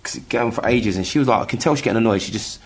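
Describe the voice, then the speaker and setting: A middle-aged man from England telling a personal story in casual chat, halting with many restarts and acting out the voices he quotes. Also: mid-range voice, breathy edge. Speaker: guest telling his story.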